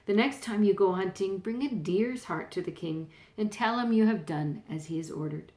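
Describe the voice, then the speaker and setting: A woman reading a storybook, voicing a kind queen who calmly protects her daughter. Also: medium pitch, normal speed, roomy sound, natural voice. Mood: reassuring. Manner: calm, reassuring.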